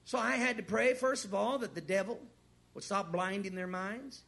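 High-voiced preacher, swinging soft to loud. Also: male voice, normal speed, vocal fry. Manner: wide swings from hushed to loud, repeats words, asks the crowd. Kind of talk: sermon with a personal story.

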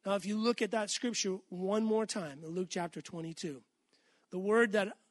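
A man's voice: high voice, normal speed, dry recording. A man preaching an earnest, emphatic sermon, calling out to the congregation for amens.

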